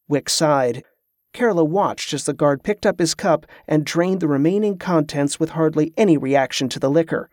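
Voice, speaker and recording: A man narrating a fantasy audiobook in a steady, measured tone. His voice sits slightly high for a man. The sound is dry and close to the mic. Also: no room sound. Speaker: author and narrator.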